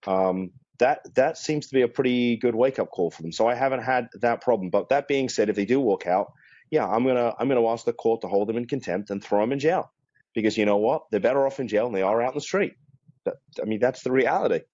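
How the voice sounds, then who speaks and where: A man explaining legal procedure on a remote panel discussion, measured, with frequent restarts, over a video call. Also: mid-range voice, darkish tone, dry recording, highs cut off. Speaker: guest attorney.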